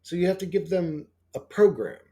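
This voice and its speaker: Rambling, profane man with a mellow voice. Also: animated, normal speed. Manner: rambling, profane, frequent fillers and restarts; acts out quoted dialogue in a higher voice. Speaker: channel host. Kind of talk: casual rambling monologue.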